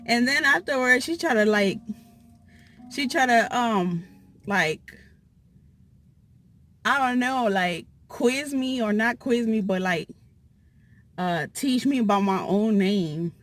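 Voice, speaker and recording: A woman's voice: fairly high pitch, expressive, slow, long pauses, fairly bright tone. A woman vlogger telling a story in a casual, chatty, exasperated way, with lots of fillers, from inside a car.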